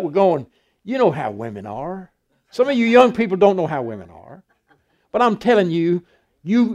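An older man, a pastor preaching a folksy sermon and acting out Bible dialogue. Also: high voice.

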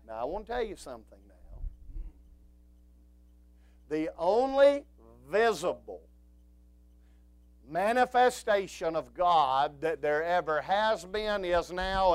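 High-voiced, slow preaching man. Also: dry recording. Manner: swings from quiet talk to shouted preaching. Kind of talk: sermon.

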